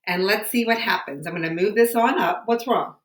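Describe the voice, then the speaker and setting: A woman's voice: medium pitch, fairly quick, echoey room. A woman teacher giving a science lesson from home, asking patient, encouraging questions. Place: home room.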